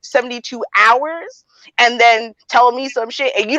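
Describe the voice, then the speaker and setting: Emphatic woman, fast casual talk, dull sound. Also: fairly high pitch, no room sound. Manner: emphatic, fast, rising to near shouts. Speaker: co-host. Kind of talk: casual podcast chat.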